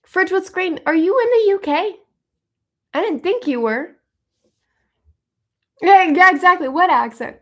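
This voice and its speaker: A woman hosting a live stream, chatting casually and thinking out loud as she answers viewer questions. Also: extremely high pitch, animated, measured pace, pauses often. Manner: chatty and upbeat, thinking aloud.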